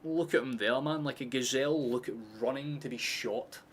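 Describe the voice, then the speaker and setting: A man's voice: medium pitch, moderate pace, slight background noise. Sweary Scottish man calling a match. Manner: excitable, sweary, chatty asides. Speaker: streamer hosting a match watchalong. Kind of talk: live casual football commentary.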